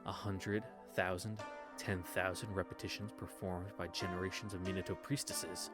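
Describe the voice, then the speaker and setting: A man reading a visual novel aloud in a casual read-through, stumbling on words and correcting himself with wry asides. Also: deep voice.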